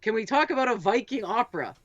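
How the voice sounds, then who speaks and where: A woman's voice: a little high, animated, fast talker, dry recording, muffled recording. A woman co-hosting a casual, tipsy livestream chat, talking loosely with giggles and swearing. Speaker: co-host.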